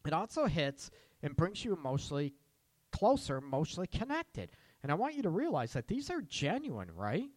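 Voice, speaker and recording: A middle-aged male podcast host talks straight to his listeners in a loose, chatty monologue. His pitch jumps around a lot, and he keeps tagging his points with "right?" and little chuckles. The sound is dry, with no room echo. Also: brisk. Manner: animated, rhetorical questions, frequent "right?" tag, chuckles.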